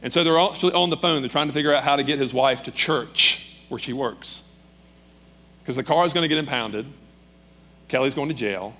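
A man preaching, telling a story in a lively, dramatic way. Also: medium pitch, a little fast. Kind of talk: sermon storytelling.

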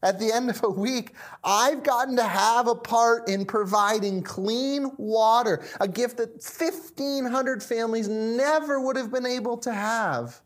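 A man voicing a soft-spoken, earnest factory worker. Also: extremely high pitch, measured pace, few pauses, voice pushed up. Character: cheerful devoted male factory worker.

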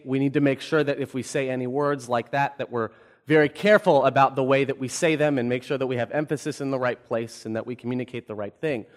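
A man in his twenties, a pastor, giving a sermon with personal stories told with humor. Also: mid-range voice. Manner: storytelling, self-deprecating humor.

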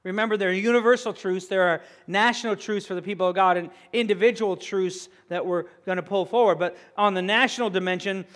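A man preaching a sermon, retelling a scripture story with animated, conversational asides. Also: high voice, a little fast, few pauses. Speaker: pastor. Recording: echoey hall.

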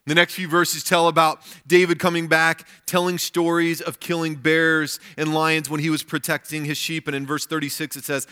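A man's voice: medium pitch, fairly even intonation, a little fast, pushed and bright. A male pastor giving a weekend sermon, reading scripture aloud and commenting on it.

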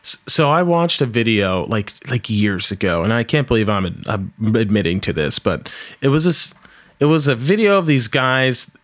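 A man's voice: medium pitch, big pitch swings, moderate pace. Casual swearing storyteller man. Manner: rambling storyteller, swears freely. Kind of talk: casual chat.

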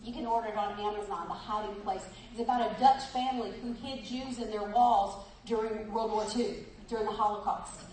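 Brisk and hardly pausing, a woman with a mid-range, slightly mellow voice and fairly even intonation preaches with exuberance and laughter. She reads a story aloud and addresses her listeners directly, heard from afar in an echoey room.

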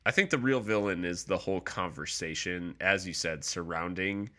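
A man co-hosting a casual sports chat, laying out his view in a measured way. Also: low voice, sharp tone. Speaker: podcast co-host.

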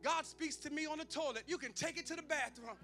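A man's voice: very high voice, fast, music in the background. A man preaching a sermon, telling stories with humor and calling out to his congregation. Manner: emphatic preaching with call-outs to the congregation; conversational storytelling with humor. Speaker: pastor.

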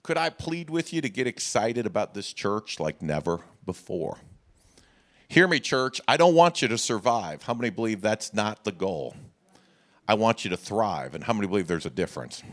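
A man's voice: on the low side, big pitch swings, normal speed. A middle-aged man, a pastor preaching a sermon with folksy humor and rhetorical questions to the congregation.

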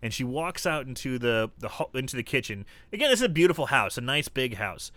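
A man's voice: mid-range voice, very animated, fairly quick, a bit bright, dry recording. A man casually recapping a horror film on a podcast, swearing freely and putting on mocking voices for the characters. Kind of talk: casual movie recap chat.

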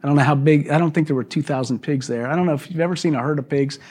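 A male pastor preaches to his congregation in an easygoing, conversational manner. His voice sits a little high for a man, and he retells the story with lively, animated asides. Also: racing, breathy edge. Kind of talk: sermon. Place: church service.

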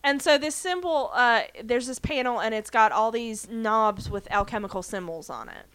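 A woman's voice: on the high side, moderate pace, a bit bright, smooth. A woman co-hosting a podcast, casually recapping a TV episode and playfully quoting the characters as she laughs along. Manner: chatty storyteller, quotes characters in playful voices, laughs often. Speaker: podcast co-host.

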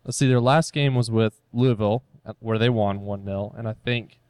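Male co-host, smooth resonant voice, dry sound, hesitant thinker. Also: on the low side, steady tone, moderate pace, darkish tone, dry recording. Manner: thinks aloud, hesitant, repeats others. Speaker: podcast co-host. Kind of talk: casual sports podcast chat.

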